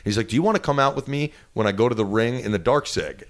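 A man in his thirties with a New Jersey accent, telling a lively story as an interview guest and acting out the quotes. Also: fast talker. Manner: animated, acts out quotes with big pitch jumps.

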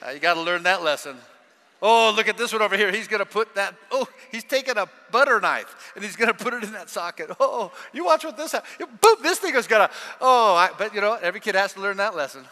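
A gleeful, careless father, egging things on with excited laughing asides, as a preacher acts him out. The voice sits high and bright and swoops all over. It carries a long hall reverb. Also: a little fast, full character voice. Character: gleeful careless parent, adult man, mocking.

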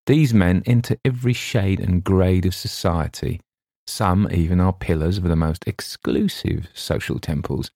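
A man voicing a sly, scheming older man who boasts and threatens softly, with a smug, coughing manner. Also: low voice, vocal fry, no room sound, clean studio sound. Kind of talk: audiobook character reading.

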